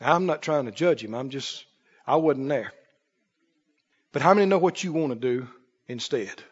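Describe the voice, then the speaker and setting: A man preaching a sermon, emphatic and rising to shouts, drawing call-and-response from his congregation, recorded in an echoey church on a dull recording. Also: mid-range voice, animated, normal speed, slightly rough. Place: church sanctuary.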